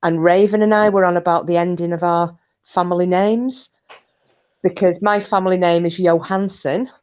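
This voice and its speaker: Chatty woman, low voice. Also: normal speed, a little mellow, clear, resonant tone. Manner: chatty, explains at length with fillers. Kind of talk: casual chat. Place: at home.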